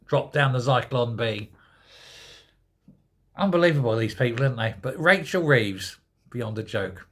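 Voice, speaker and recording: A man's voice: mid-range voice, expressive, unhurried, long pauses. Scornful older man ranting. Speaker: political commentator. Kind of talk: opinion rant vlog.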